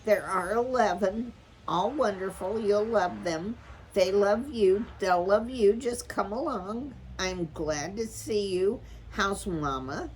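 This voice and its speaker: A woman voicing an eager, talkative young mother mouse in a storybook reading, piling up excited questions. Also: mid-range voice, slow, hardly any pauses, slight background noise, voice pushed up.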